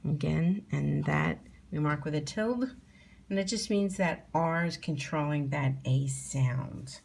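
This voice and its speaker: A woman's voice: deep voice, slow, gravelly, a little mellow, slight background noise. A middle-aged woman teacher leading a phonics spelling lesson for young children at home, patiently sounding out letters and words.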